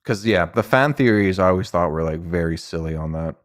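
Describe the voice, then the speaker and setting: A young man hosting a casual streamed interview, relaxed and rambling, with lots of "like" and easy laughter. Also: low voice, a little fast. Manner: laid-back, rambling, frequent "like". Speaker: stream host.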